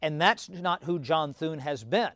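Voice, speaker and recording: A man explaining politics as a guest analyst, talking quickly with stammered restarts and many "you know" fillers. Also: fairly high pitch, a bit bright, no echo, clean studio sound.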